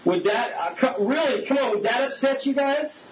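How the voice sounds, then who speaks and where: A pastor delivers a conversational sermon in a very high, expressive voice at a moderate pace, frequently putting questions to the congregation. The recording sounds slightly dull, with a faint hiss.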